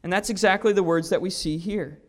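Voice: medium pitch, fairly quick. A lay preacher giving a verse-by-verse sermon, earnest and emphatic, often restarting with repeated "and, and" and reading scripture aloud in old-fashioned wording. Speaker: lay preacher in a church service. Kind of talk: sermon, verse-by-verse Bible teaching.

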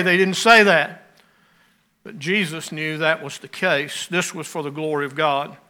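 A man preaching a sermon, rising to emphatic lines and dropping to quiet ones. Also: high-pitched.

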